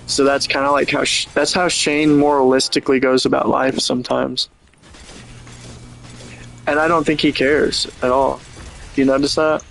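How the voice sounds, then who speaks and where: A man's voice: medium pitch, level tone, normal speed, vocal fry, long pauses, fairly bright tone, slight background noise. A man streaming a game and chatting casually, rambling and joking, swearing freely. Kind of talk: casual livestream chat.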